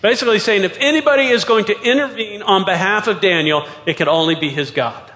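High-voiced preaching man in a reverberant hall. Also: quick pace, pushed and bright. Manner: expository preaching with rhetorical questions. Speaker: pastor. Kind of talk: sermon.

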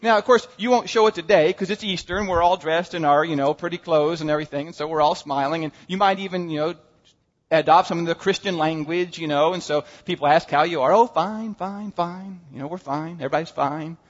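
Pastor, conversational sermon delivery, lively inner-voice asides, slightly muffled hall recording. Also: male voice, on the high side, quick pace. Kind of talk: Easter sermon. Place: church sanctuary. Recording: dull sound in a reverberant hall.

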